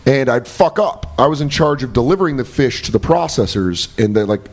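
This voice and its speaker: A man's voice: mid-range voice, lively intonation, a little fast. A young man, a comedian and guest on a podcast, telling profane stories casually and laughing as he talks. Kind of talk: casual storytelling chat.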